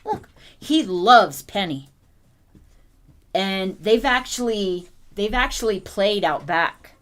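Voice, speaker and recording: A woman's voice: mid-range voice, lively intonation, slow pace, fairly bright tone. A woman hosting a casual livestream, cooing and baby-talking to her puppy and laughing often. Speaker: livestream host.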